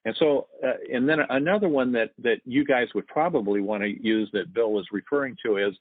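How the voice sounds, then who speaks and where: A man's voice: mid-range voice, fairly quick, few pauses, dry recording. Man in his sixties, sales veteran, anecdotal storyteller; dry, phone-quality line. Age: 60s. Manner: storytelling, acts out quoted dialogue. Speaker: sales guest. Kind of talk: casual podcast chat.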